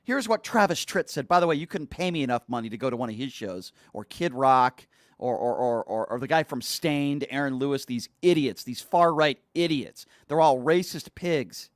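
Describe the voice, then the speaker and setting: A man's voice: mid-range voice, animated, normal speed, no room sound, clean studio sound. A male talk show host delivering an indignant, mocking rant, repeating his points over and over. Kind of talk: opinionated talk radio rant.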